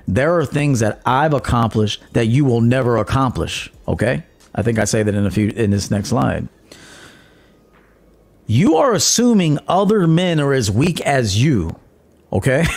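A man hosting his own podcast as a dating coach, talking bluntly and profanely, mocking others and laughing at his own jabs. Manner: mimics commenters in a high mocking voice. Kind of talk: blunt monologue.

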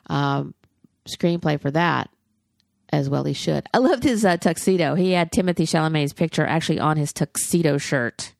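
Low gravelly middle-aged woman chatting. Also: no echo, studio quality. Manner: candid, profane and chatty with frequent restarts. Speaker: podcast co-host reviewing films. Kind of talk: casual chat.

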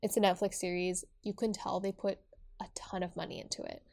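A woman's voice: medium pitch, level tone, fairly quick, creaky, a little mellow. A young woman co-hosting a casual podcast talks through a book and its series. Her speech is loose and chatty, full of "like" and half-started sentences. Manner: chatty, many fillers and restarts. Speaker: podcast co-host.

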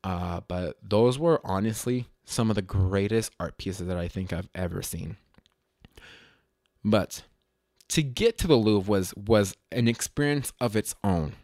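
A man casually telling a funny story, animated and self-mocking, swearing freely and often restarting his sentences. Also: on the low side, a little slow, dry recording, clean studio sound.

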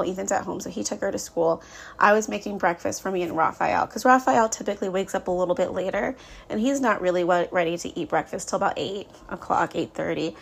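Candid, venting mom podcaster with gravelly voice. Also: female voice, mid-range voice. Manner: candid and venting, with frequent laughs. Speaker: podcast host. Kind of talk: casual podcast monologue.

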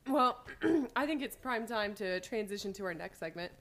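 A woman's voice: mid-range voice, expressive, normal speed, a bit bright, slight background noise. A woman hosting a podcast, introducing segments in an easygoing, casual way. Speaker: podcast host.

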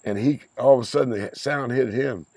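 The host's father, in his sixties, talks fairly quickly in a mid-range, slightly mellow voice on a dry recording. He laughs often, swears freely and drifts through rambling anecdotes during this casual podcast chat.

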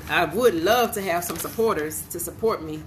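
A woman's voice: lowish voice, normal speed, a little hiss or hum, rough recording. A woman preaching an informal podcast sermon, fervent and emotional, repeating her praise.

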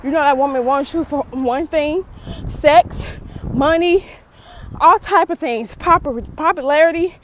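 A vlogger preaches and prays to her viewers in casual slang, breathless after a workout and repeatedly rebuking with fervor. Her voice is high and unhurried. The recording is rough, with slight background noise.

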